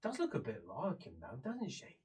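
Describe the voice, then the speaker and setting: A woman's voice: deep voice, huge pitch swings, moderate pace, a little mellow. A woman, narrating a tabletop game as game master, often laughing.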